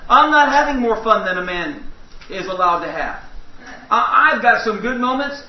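Folksy preacher in an echoey church. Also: male voice, high-pitched, expressive, moderate pace. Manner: folksy storytelling with humor. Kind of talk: sermon. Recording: echoey hall, distant mic, dull sound.

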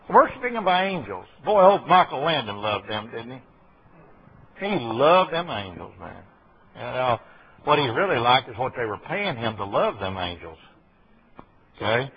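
A man's voice: mid-range voice, slightly rough. A man preaching a folksy sermon, full of rambling asides and checks with his listeners. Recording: dull lo-fi recording.

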